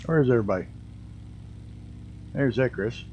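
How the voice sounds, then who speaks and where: A man streams himself playing a flight simulator, speaking at normal speed in a medium-pitched, slightly rough voice, with the recording's highs cut off. A damaged tooth gets in the way of his speech, and his accent is a New York and Canadian mix with a Southern US hint. He laughs frequently and bursts into excited exclamations.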